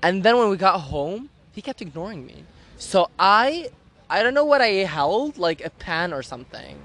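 A high-voiced man at a moderate pace tells a dramatic personal story in casual conversation. He's campy, profane and animated, laughing and acting out the quotes.

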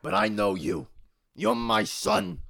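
A man's voice: sits high, wildly swooping pitch, slow, vocal fry, sharp tone, full character voice. A man voicing a proud, sentimental father bear who tells corny dad jokes and gives earnest pep talks.

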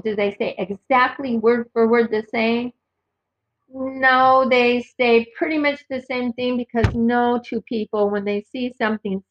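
A woman giving informal Bible teaching, earnestly reading verses aloud and citing their references. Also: fairly high pitch. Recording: dull lo-fi recording.

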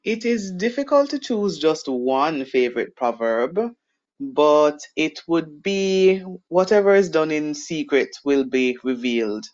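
Jamaican male teacher, higher register, emphatic delivery, muffled lo-fi recording. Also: sing-song, slow, a little mellow. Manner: earnest, emphatic patois then careful standard English. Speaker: English teacher. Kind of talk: recorded answers to podcast questions. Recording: dull lo-fi recording.

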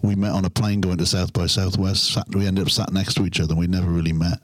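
A man's voice: low voice, flat delivery, fast talker, dry recording. A man from England, a musician, chatting in an interview, rambling and restarting his sentences with chuckles. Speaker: musician guest. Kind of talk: casual interview chat.

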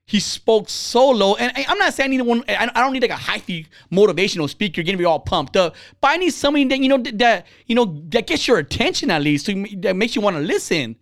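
A man with a high voice that swings up and down tells a rambling, candid story in easy conversation. The sound is dry and close, with no room around it. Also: big pitch swings, quick pace, gravelly, few pauses, a bit bright, no room sound. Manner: candid, rambling, with frequent restarts and laughs. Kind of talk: casual storytelling chat.

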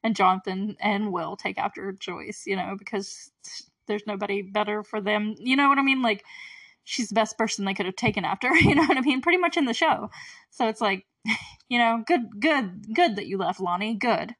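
A woman's voice: medium pitch, moderate pace, a bit bright, dry recording, recorded from a distance. A woman hosting a casual solo podcast, chatty and effusive, laughing often as she recaps a show. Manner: chatty and effusive, laughs often, quotes characters in brief put-on voices.

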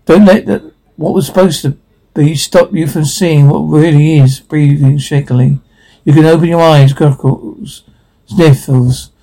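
Man with a dark, gravelly voice reading captions. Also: fairly high pitch, poor audio. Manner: reads every character's lines and sound cues in one voice. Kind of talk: flat reading of film dialogue and sound captions.

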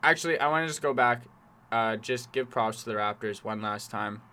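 Young man, podcast co-host, bright tense tone, crude, laughing, rambling. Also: mid-range voice, fairly quick. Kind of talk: casual chat.

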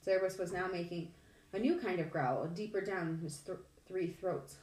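A woman with a fairly low voice reads a novel aloud in a measured, steady manner. She sits back from the mic, and the room adds a clear echo. The storytelling is even and unhurried. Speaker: audiobook reader. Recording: echoey room, distant mic.

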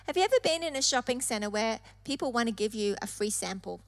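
A woman's voice: a little high, sing-song, fast talker, few pauses. A woman preacher delivering an emphatic sermon, stressing points through repetition. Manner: emphatic, repeating phrases for effect.

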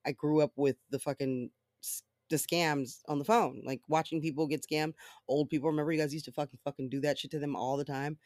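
A podcast host talks alone in loose, rambling monologue, peppering every thought with profanity. The voice sits at a middle pitch. The recording is dry, with no room sound around it. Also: fairly even intonation, fairly quick, a little mellow, dry recording. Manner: swears freely, rambling storytelling. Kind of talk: casual solo podcast monologue.

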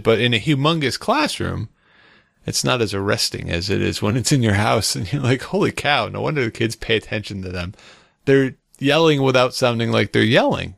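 A man co-hosting a podcast, chatting casually in an animated way and laughing easily. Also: mid-range voice, vocal fry, no room sound. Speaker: podcast co-host. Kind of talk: casual chat. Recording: dry close mic with faint music.

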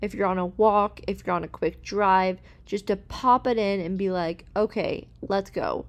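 A woman's voice: medium pitch, normal speed. A young woman hosting a podcast, talking in a casual, upbeat, heartfelt way about getting motivated and thanking her listeners. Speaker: podcast host.

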